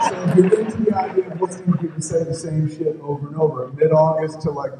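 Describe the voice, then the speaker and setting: A man's voice: fairly high pitch, fairly even intonation, fast talker, few pauses, a loud crowd, very noisy. Profane man rambling in echoey hall. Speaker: filmmaker guest at a fan convention panel. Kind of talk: live convention Q&A storytelling. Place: large convention hall with live audience. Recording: echoey hall recorded from far off.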